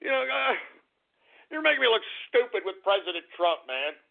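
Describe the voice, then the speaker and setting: Ranting gravelly male radio host. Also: high voice, sing-song, moderate pace. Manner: ranting, exasperated, stammering and swearing. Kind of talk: call-in radio rant. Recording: phone-like lo-fi radio audio.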